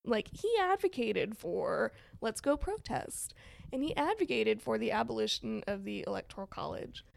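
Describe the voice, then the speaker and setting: A woman's voice: mid-range voice, very animated, normal speed, vocal fry. A woman co-hosting a casual political chat podcast, rambling with many fillers and frequent laughs. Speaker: podcast co-host.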